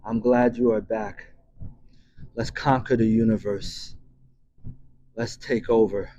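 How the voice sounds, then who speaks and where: A man voicing a slow, anguished grieving father. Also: lowish voice, steady tone, dark tone, lo-fi sound, slight background noise, voice pushed down. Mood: earnest. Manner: slow, solemn monologue with whispered drops. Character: anguished grown man searching for his lost daughter. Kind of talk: dramatic monologue reading.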